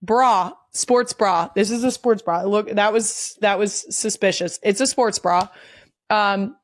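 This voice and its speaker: A woman's voice: medium pitch, takes it slowly. Blunt, candid woman podcast host. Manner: blunt, candid, swears for emphasis. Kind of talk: casual podcast chat.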